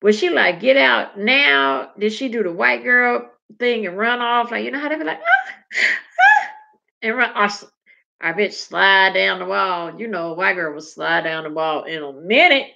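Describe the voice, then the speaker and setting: Gravelly, bright-voiced woman telling stories. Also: normal speed. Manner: animated storytelling, acts out quoted people with big pitch swings. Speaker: podcast co-host. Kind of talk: casual comedic chat. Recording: dull lo-fi podcast audio.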